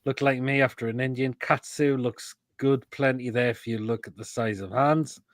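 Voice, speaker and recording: A man's voice: medium pitch, fairly even intonation, normal speed, no echo. A man hosting a casual live stream, reading out comments and crude jokes about food photos. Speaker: host.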